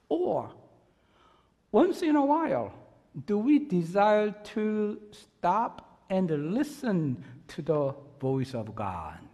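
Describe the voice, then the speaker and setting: A man preaches a sermon in a fairly high, animated voice, taking his time over each phrase. He is earnest and emphatic, with an other than English. The church hall around him rings with long reverb. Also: creaky. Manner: earnest, emphatic, with rising bursts of energy. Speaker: pastor. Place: church sanctuary.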